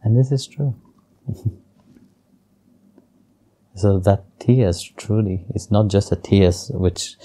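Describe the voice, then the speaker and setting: A man who is a spiritual teacher, telling a story in an interview gently, with halting restarts. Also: on the low side, slightly rough.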